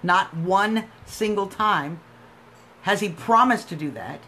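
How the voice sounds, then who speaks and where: A woman's voice: mid-range voice, takes it slowly, sharp tone, slight background noise. An American woman hosting a live political stream, arguing emphatically and answering viewer comments. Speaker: livestream host.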